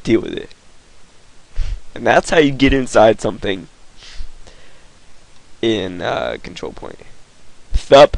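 A man doing goofy, excitable gameplay commentary, his voice affected by a cold. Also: medium pitch, slow, creaky, long pauses, dry recording, low-quality recording. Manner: goofy, excitable, yelps at the game. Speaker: gaming YouTuber.

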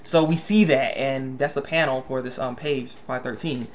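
A young man giving a casual spoken manga review, excitable and stammering with many restarts. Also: mid-range voice, moderate pace, slight background noise.

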